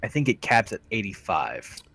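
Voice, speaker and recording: A man's voice: on the low side, big pitch swings, moderate pace, creaky, a bit bright. A man chatting casually about a game, hesitantly looking up and checking item details. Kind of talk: casual gaming chat.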